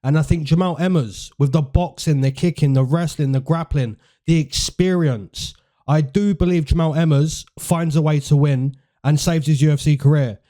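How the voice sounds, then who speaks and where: A man's voice: a little high, fairly even intonation, moderate pace, warm tone. A man hosting fight predictions in casual, chatty commentary, repeating phrases for emphasis and using slang.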